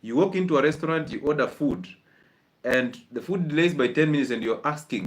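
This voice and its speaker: A man giving a lively health talk to an audience, firing off rhetorical questions and chuckling between points. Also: a little high, fairly quick. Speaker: health and wellness speaker.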